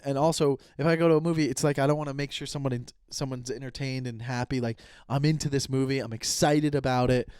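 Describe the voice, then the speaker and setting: A man in his thirties hosting a solo podcast, rambling and animated as he rants, swearing casually. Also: mid-range voice, no echo, clean studio sound. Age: 30s. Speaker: podcast host. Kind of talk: solo comedic podcast rant.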